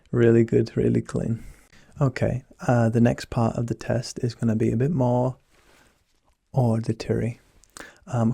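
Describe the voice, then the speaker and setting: In a whispered role-play, a young man plays a teasing doctor, his soft, husky voice low and gravelly with a dark, mellow tone. He stays close to the mic with a dry sound and no echo.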